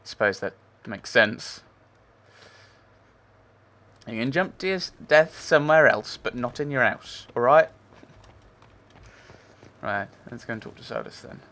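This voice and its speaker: A man's voice: medium pitch, lively intonation, measured pace, pauses often, sharp tone. A man playing a video game and chatting to himself in loose, musing commentary. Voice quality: gravelly. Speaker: game player. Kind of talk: casual gameplay commentary.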